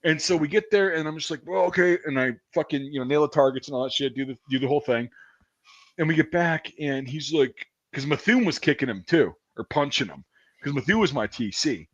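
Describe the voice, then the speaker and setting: A podcast host tells army stories in a casual chat, loose and full of profanity, with an animated delivery. His voice is fairly high and fairly quick. The recording has a dull, lo-fi sound.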